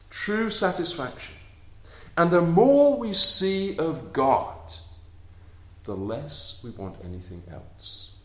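Male preacher, slow and earnest, moves between hushed and emphatic, roomy echo. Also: lively intonation. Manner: earnest, swings between soft intimate lows and emphatic raised passages. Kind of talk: sermon. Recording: echoey room.

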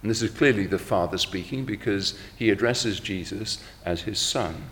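A middle-aged man delivers a sermon in a fairly low voice, measured and reflective, easing his pace over quoted verses. His voice carries a long reverb, as in a large hall. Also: a bit bright. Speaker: preacher.

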